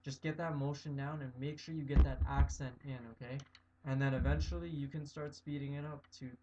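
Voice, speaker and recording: A man teaching drum rudiments in a casual video lesson. He talks in a relaxed way, checks in with "okay?" again and again, and counts out loud as he plays. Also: a little high, a little fast. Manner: relaxed, repeats "okay?" often, counts aloud loudly while playing. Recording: dull lo-fi sound with faint noise.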